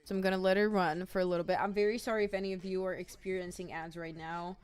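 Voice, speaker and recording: A woman's voice: fairly low pitch, little pitch movement, quick pace, a little mellow, clean tone. A woman streamer chatting casually and rambling as she reads chat messages aloud.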